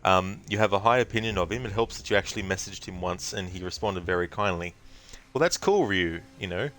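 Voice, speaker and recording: Deep-voiced man rambling over gameplay. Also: a little fast, a bit bright. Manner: chatty, rambling, laughs easily. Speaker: streamer. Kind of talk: casual gameplay commentary.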